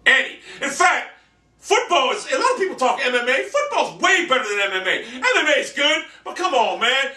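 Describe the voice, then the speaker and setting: A man ranting brashly and profanely in a monologue vlog, boasting loudly. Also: very high-pitched, very animated, fairly quick, far from the mic. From United States. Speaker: vlogger. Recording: echoey room, off-mic.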